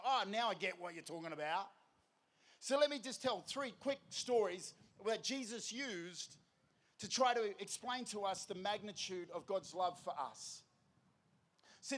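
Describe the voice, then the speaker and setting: A man preaching an energetic sermon, telling lively stories and prompting the crowd. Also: sits high. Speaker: youth preacher.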